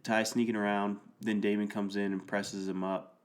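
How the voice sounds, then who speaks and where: A man co-hosting a podcast, recapping a TV episode in a slow, halting way with lots of fillers. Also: lowish voice, little pitch movement. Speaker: podcast co-host. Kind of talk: casual chat recapping a TV episode.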